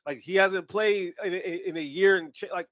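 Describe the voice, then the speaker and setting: A man's voice: high voice, moderate pace, dry recording, dull audio. A man co-hosting a sports podcast, talking casually with lots of swearing and laughter. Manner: animated, profane, laughs often. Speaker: podcast co-host.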